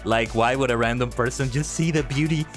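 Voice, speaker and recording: A man's voice: mid-range voice, brisk, faint music behind. A man streaming a game, chatting casually, playful and punning and laughing often. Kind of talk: casual gaming commentary.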